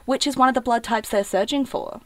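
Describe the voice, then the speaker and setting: A woman's voice: fairly high pitch, fairly quick, slight background noise. A young woman, co-hosting a casual podcast chat in a chatty, enthusiastic way. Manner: chatty, enthusiastic, with many fillers. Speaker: co-host.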